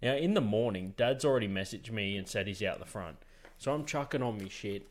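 A man's voice: lowish voice, animated, a little fast. Laid-back young man swearing. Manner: laid-back, swears a lot, laughs often. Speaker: podcast host. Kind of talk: casual chat.

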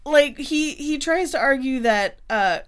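A woman's voice: high-pitched, expressive, measured pace. A woman hosting a podcast, reading an odd story aloud and mocking it between bursts of laughter. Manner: frequent laughter, mocking asides. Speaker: podcast host. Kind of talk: casual chat, reading a text aloud.

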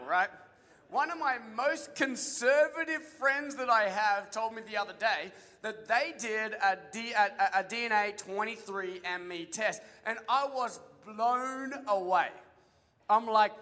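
A male pastor preaching a humorous, energetic sermon and quizzing the congregation. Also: high voice, measured pace. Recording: echoey hall reverb.

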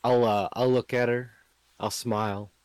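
A man's voice: medium pitch, steady tone, measured pace, a little mellow, smooth, no room sound. A man playing a tabletop game, talking hesitantly with many uhs. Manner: hesitant, starts with uh. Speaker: player. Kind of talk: tabletop role-play.

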